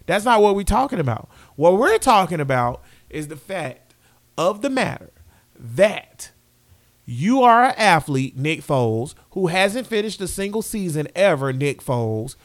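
A man with a high, lively voice that swings widely as he rants through a casual sports podcast. He talks in slang and piles up rhetorical questions. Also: a little slow. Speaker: podcast co-host.

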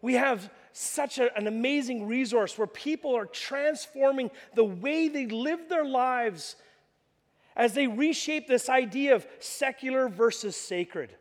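A man preaching a sermon to a congregation in a church hall, telling lively stories and acting out the voices of the people in them. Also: extremely high pitch, a little slow. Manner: animated storytelling, acts out voices. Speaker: pastor. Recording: long reverb of a large hall.

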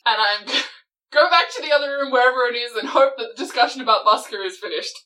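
A woman's voice: on the high side, quick pace, bright, forceful tone, distant mic, faint music behind, low-quality recording. A woman playing a tabletop game, talking casually and giggling often. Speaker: player.

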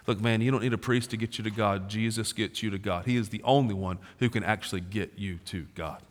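A man in his forties preaching a sermon as a pastor, talking casually and slangily, swinging from loud emphasis to low, quiet stretches. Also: steady tone, a little fast. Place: large church auditorium. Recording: long reverb of a large hall.

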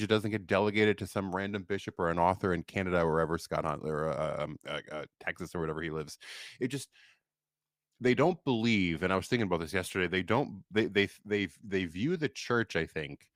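A man's voice: low voice, no room sound. A man co-hosting a casual discussion podcast, talking emphatically and reading quotes aloud with comments. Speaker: podcast co-host.

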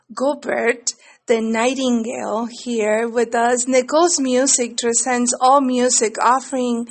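A woman hosting a radio interview show, introducing her guest with effusive enthusiasm. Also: high voice.

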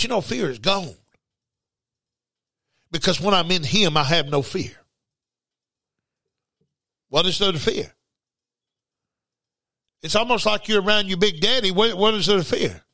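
A middle-aged man, preaching an informal broadcast sermon in an animated way, repeating words and bursting into shouts. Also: high-pitched, dry recording.

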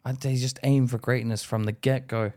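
A man co-hosting a podcast, chatting casually in a blunt, sweary way with quick stories. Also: mid-range voice, flat delivery, dark tone. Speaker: podcast co-host. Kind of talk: casual chat.

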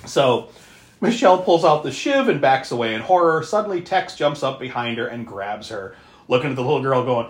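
A podcast co-host recaps a horror film in loose, profane chat and keeps breaking into laughter. The pitch swings widely, from low mutters up to sudden squeaky peaks. The recording is roomy, with plenty of echo. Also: lively intonation, fairly quick. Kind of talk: casual movie recap chat.

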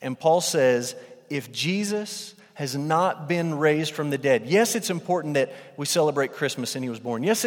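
A man preaching a sermon as pastor, emphatic, repeating phrases for weight. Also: fairly high pitch. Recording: long reverb of a large hall.

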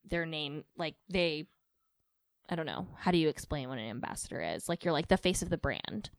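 A woman's voice: low voice, sing-song, normal speed, gravelly, slight background noise. A woman, co-hosting a podcast in casual chat, rambling with lots of likes and ums. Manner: chatty, filler-heavy, with frequent likes and ums. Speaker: podcast co-host.

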